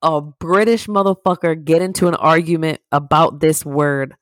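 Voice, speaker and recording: A woman's voice: low-pitched, steady tone, moderate pace, no echo, studio quality. A woman co-hosting a podcast in casual chat, teasing and swearing with sass. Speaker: podcast co-host.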